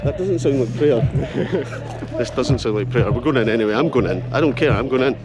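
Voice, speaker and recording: A Scottish man hosting a casual travel vlog outdoors, narrating excitedly and joking as he walks around a festival campsite. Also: mid-range voice, quick pace, over loud music. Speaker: vlogger host. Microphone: handheld camera. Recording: outdoor camera audio with steady noise.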